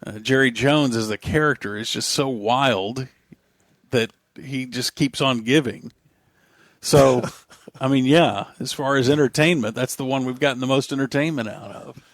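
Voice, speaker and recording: A man co-hosts a casual podcast, trading jokes in animated banter. His voice sits at an ordinary middle pitch, recorded dry and close with no echo. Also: normal speed. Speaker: podcast co-host. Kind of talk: casual chat.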